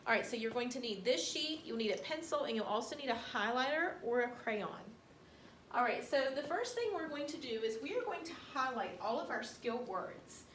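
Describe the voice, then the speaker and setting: A woman teacher giving a phonics lesson to young children, sounding out each word slowly and carefully. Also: on the high side, expressive, a bit bright. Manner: slow, sounding out words carefully. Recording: roomy room, distant mic, faint hiss.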